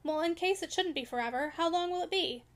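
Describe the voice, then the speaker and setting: A woman's voice: very high voice, fast talker. A woman voicing a restless young wife in an audiobook reading, indignant and pleading in turn. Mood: hurt. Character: restless young wife, hurt and sharp-tongued.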